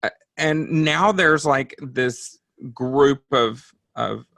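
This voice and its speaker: A woman comic hosts a relaxed interview chat. Her voice is bright and forceful. It is recorded dry, with no room echo. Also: very deep voice, extremely slow, creaky. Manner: relaxed, chatty, conversational. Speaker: comedian, interview host.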